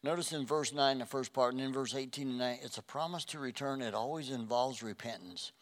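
A man's voice: medium pitch, fairly quick. Pastor, male, earnest sermon delivery, repeats himself, trips on archaic words. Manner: earnest, repeats phrases, stumbles over scripture words.

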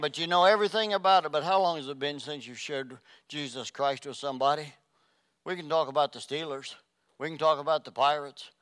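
A man's voice: on the high side, clean tone, no echo. Impassioned male pastor preaching a sermon. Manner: impassioned preaching, swinging from loud exhortation to hushed intensity.

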